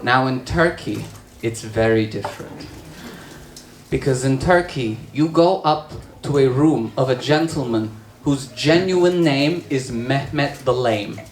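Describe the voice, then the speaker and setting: A trans woman performing a stand-up comedy set in a bar, telling stories with deadpan asides. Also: rumbling low, a little slow. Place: bar with live audience. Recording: roomy bar recording with crowd laughter.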